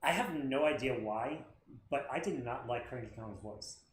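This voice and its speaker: A man's voice: mid-range voice, animated, moderate pace, a little hiss or hum. A man co-hosting a stream, chatting casually about a movie and searching for his words. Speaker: stream co-host. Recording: echoey room.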